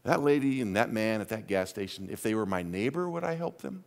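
A male pastor delivering a sermon, his low voice swooping widely in pitch. He tells stories with animated delivery, dropping to hushed asides and rising to loud exclamations. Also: fairly quick, gravelly.

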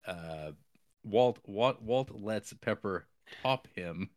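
Lowish, halting male podcast co-host. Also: lively intonation, no room sound. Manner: halting, restarts often, with wry jokes. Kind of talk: casual film discussion.

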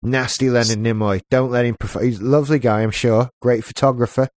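A man's voice: mid-range voice, fairly even intonation, fairly quick, a little mellow, no room sound. A man co-hosting a casual chat show, wry and joking. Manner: wry, joking, trivia-minded. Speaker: podcast co-host.

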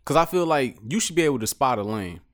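A man's voice: medium pitch, lively intonation, fast. Blunt, profane middle-aged man ranting. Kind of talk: casual chat.

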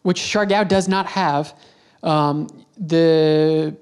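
A man's voice: a little high, steady tone, very slow, clean tone. A man hosts a podcast and tells a travel story in an easygoing, conversational way. He rambles, backs up and corrects himself as he goes. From United States. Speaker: podcast host.

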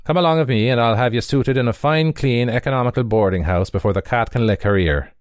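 A man playing a greasy, grinning boarding-house runner who talks fast and wheedling. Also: medium pitch, dry recording, clean studio sound, voice pushed up, lightly acted.

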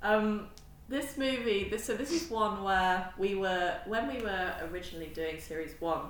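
A woman's voice: medium pitch, moderate pace, echoey room, slight background noise. A woman co-hosting a podcast at home, chatting casually, laughing often and mimicking other voices. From Britain. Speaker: podcast co-host. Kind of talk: casual chat. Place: home living room.

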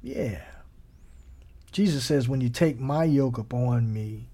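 A man's voice: mid-range voice, moderate pace, dark tone. A man preaching an informal sermon, talking conversationally and repeating words of encouragement.

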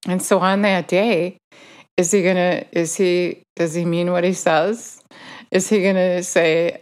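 Low-voiced woman giving an informal sermon. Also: flat delivery, unhurried, a little mellow, smooth. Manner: conversational, self-correcting while quoting scripture. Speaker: Bible teacher.

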